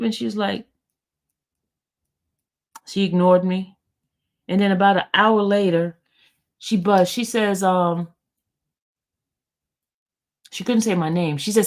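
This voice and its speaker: A woman's voice: mid-range voice, steady tone, unhurried, pauses often. Chatty woman telling a long story. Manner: rambling, chatty, lots of fillers and restarts, addresses viewers as y'all. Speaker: YouTube host. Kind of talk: casual storytelling to viewers.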